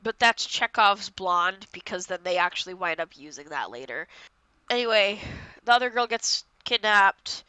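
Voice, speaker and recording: Stuffy-nosed young woman podcast co-host, bright crisp voice, dry close sound, rambling animated recap. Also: mid-range voice, no room sound. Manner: rambling, animated retelling with quick voiced quotes. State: congested, stuffy nose. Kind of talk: casual chat, episode recap.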